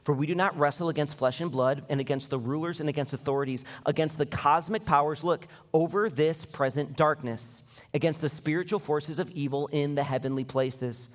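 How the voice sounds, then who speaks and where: Impassioned preacher in a reverberant hall. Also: male voice, on the high side, fairly quick, few pauses. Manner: impassioned, rising to near-shouting in retold scenes. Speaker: pastor. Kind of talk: sermon.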